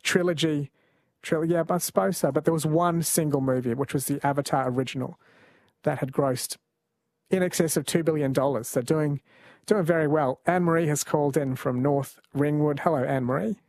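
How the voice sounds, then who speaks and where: A man's voice: a little high, normal speed, dry recording. Dry-sounding male radio quiz host. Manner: relaxed, chatty, laughs easily. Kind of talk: late-night radio talk. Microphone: studio mic.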